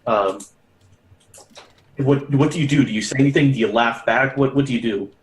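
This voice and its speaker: A man's voice: medium pitch, normal speed. A man narrating as game master of a tabletop game in a casual, profane, laughing way. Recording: echoey room.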